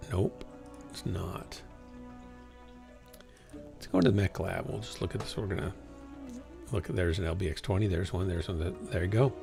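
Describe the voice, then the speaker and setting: A low-pitched, creaky-voiced man plays a game on a livestream, chatting loosely with a small audience. He's tired, yawns occasionally and talks to himself.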